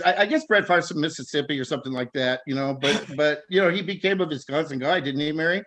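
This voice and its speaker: A man's voice: fairly high pitch, quick pace, few pauses, a bit bright. A man from Southern California doing rambling stand-up comedy over a video call, stammering through restarts and laughing at his own jokes. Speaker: stand-up comic.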